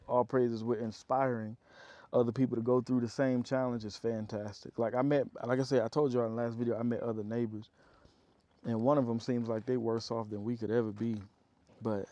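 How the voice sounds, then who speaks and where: A man chats loosely to his viewers from an off-grid homestead, tired after a long stretch of digging. His voice is mellow and warm, sitting at an ordinary middle pitch. The sound is dry and close, with no room echo. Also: lo-fi sound. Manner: rambling, talkative, addresses viewers as y'all. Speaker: homesteading vlogger. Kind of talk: casual chat to viewers.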